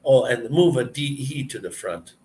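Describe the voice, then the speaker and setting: A man hosting a live stream, telling a story and answering viewer comments in a relaxed, chatty way. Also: medium pitch, normal speed. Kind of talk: casual live-stream chat.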